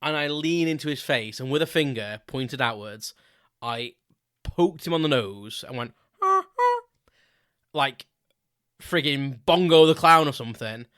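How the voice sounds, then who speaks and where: A man's voice: mid-range voice, moderate pace, a bit bright, clean tone, no echo, clean studio sound. A British man hosting his own podcast, telling a rambling personal anecdote in a chatty way with casual swearing. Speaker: podcast host. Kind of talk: casual solo storytelling.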